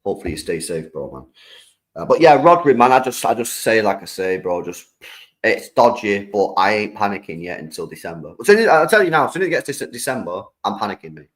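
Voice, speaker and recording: Brief: young British male streamer, lowish voice, slangy and animated, chatting to viewers. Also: brisk, low-quality recording. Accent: British English. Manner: slangy, animated, talks to the chat. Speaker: streamer host. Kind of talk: live-stream football reaction chat.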